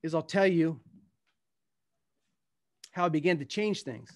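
Unhurried and fairly high-pitched, a middle-aged guest speaker tells stories with earnest feeling. He stumbles and starts over now and then, and at one point reads a passage from his book.

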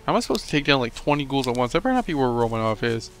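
A man's voice: medium pitch, sing-song, rapid-fire, hardly any pauses. A young man commenting on his game as a let's play host, joking and rambling and talking back at the enemies. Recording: noisy home recording.

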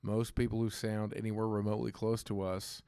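Southern ohio guy, gravelly voice, loose sweary chat w/ lots of laughs, dry close mic. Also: lowish voice, no room sound. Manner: animated, swearing, quick laughs, acts out quotes. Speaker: host. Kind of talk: casual chat.

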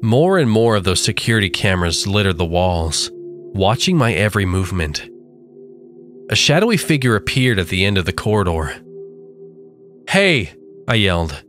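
A man reads a horror story aloud in a low, measured voice, taking his time over each line. A faint singing-bowl drone plays behind him. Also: very animated, a bit bright, soft background music. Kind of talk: scripted horror narration.

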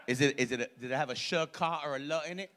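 A man's voice: medium pitch, fast talker, fairly bright tone. A male stand-up comedian on a comedy club stage, doing crowd work in brash, profane, slangy street talk and teasing the audience.

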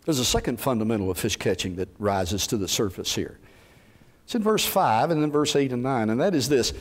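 A man's voice: medium pitch, brisk. A man preaching a sermon, acting out what Bible figures might have said. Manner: animated preaching, acting out Bible characters' words. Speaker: pastor.

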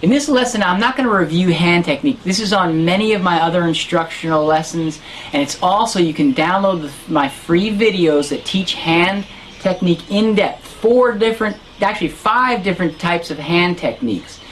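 Relaxed male harmonica teacher. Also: sits high, moderate pace, slight background noise, poor audio. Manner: demonstrates sounds and counts beats aloud; relaxed, explanatory, self-correcting. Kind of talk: instructional lesson.

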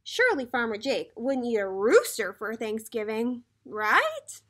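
A teacher reads a picture book aloud to young children and keeps turning to talk with them. Her voice is high and very animated, rising and falling as she tells the story. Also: measured pace. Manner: animated storybook reading, addressing kids directly.

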